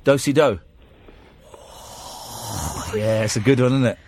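A man hosting a late-night radio phone-in, bantering quick-wittedly and teasing his callers. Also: mid-range voice, darkish tone. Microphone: studio microphone.

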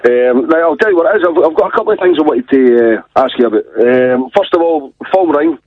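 A man's voice: on the high side, animated, a little fast, slightly rough, no room sound. A Scottish man calling in to a radio show, chatty and rambling as he retells a film's story. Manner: chatty storyteller, uses "wee" and "aye". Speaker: caller. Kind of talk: phone-in chat. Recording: tinny dry phone line.

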